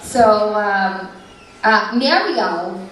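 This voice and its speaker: A woman voicing a loud, crude, complaining character who hates the outdoors and swears constantly. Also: medium pitch, expressive, extremely slow, slight background noise, pitched below the performer's own voice. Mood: indignant. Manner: loud, foul-mouthed, complaining. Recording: echoey club from far off. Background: audience laughter.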